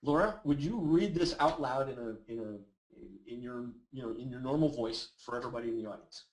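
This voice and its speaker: A man presenting a live webinar, teaching voice exercises with energetic, encouraging talk and reading out audience comments. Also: medium pitch, a little fast. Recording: roomy echoey webinar audio.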